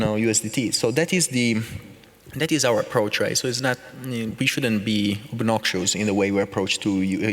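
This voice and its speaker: Man, panelist, halting speech, low voice, hall reverb. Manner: halting, many restarts and fillers. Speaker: panelist, tech executive. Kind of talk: conference panel talk. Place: conference hall.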